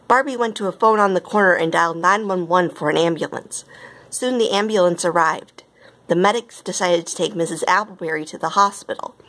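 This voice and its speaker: A woman reading a storybook aloud as narrator, with gentle, even pacing. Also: lowish voice.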